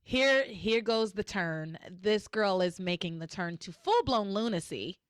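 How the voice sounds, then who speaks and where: A woman hosting a podcast in casual recap chat, animated and acting out characters in shrill voices. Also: measured pace, clear, resonant tone, dry recording, clean studio sound. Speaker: podcast host.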